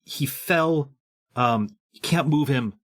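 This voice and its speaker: A man's voice: mid-range voice, slow pace, fairly bright tone, voice pushed up. A man voicing a shaken teenage hero who stammers and pleads for help for an injured friend. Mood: pleading. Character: shaken teenage boy hero in monster form.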